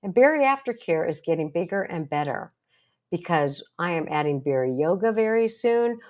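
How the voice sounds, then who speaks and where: An older woman with a lowish voice tells stories from her own life and draws a lesson from them. She talks in an earnest way and keeps asking rhetorical questions. She sounds like a psychologist speaking to the people in her support group. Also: animated, normal speed, darkish tone, lo-fi sound. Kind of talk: casual talk to camera.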